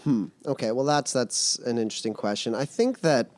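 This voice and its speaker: A man's voice: mid-range voice, moderate pace, a little mellow, no echo. A man who mentors people on emotions, speaking earnestly in a podcast interview and explaining his ideas through vivid metaphors.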